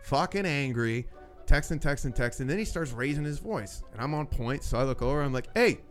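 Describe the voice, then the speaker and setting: A man recounts a run-in at a comedy club in casual, profane storytelling. He slips into other people's voices as he tells it. Quiet music plays in the background. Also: mid-range voice, fairly quick. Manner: profane, animated, acts out quotes. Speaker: comedy club door staff.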